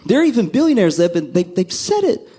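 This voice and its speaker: A man doing a stand-up comedy set, telling stories with lively delivery and acting out the people he quotes. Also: fast, slightly rough. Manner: animated storytelling, acts out quoted people with sudden pitch jumps.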